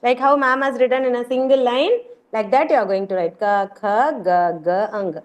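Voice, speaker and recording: In muffled video-call audio, a woman with a fairly high pitch speaks at normal speed in an Indian English accent. She teaches preschoolers online and repeatedly calls out to urge them on.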